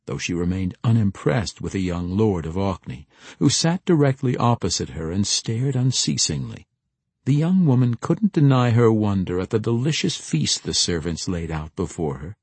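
A man narrating a fantasy novel in an expressive storytelling manner. His voice is low and husky with a lively pitch range. The recording is close and dry. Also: moderate pace, dry recording. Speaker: audiobook narrator.

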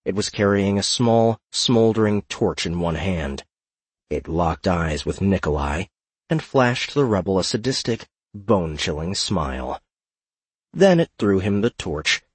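A man narrating a fantasy audiobook in a steady, measured reading. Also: low voice, breathy edge, no room sound.

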